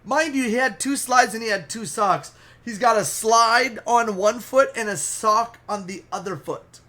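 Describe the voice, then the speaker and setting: High-voiced, animated storytelling man. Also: a little slow. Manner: animated, profane, vivid. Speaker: storyteller, streamer. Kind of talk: casual storytelling.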